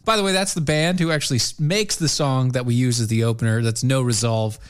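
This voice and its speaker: A man's voice: medium pitch, steady tone, fairly quick, clean tone. A man co-hosting a talk show, chatting casually, rambling with frequent restarts and laughs. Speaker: podcast co-host. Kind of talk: casual chat.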